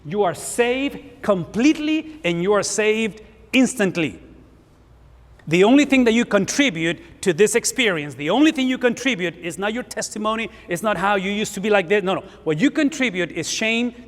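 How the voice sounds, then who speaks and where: Preacher, fifties, male, Spanish accent, high-pitched, roomy hall reverb. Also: lively intonation, moderate pace, a bit bright. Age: 50s. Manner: emphatic, repeats words for stress, asks the room. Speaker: pastor. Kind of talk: sermon.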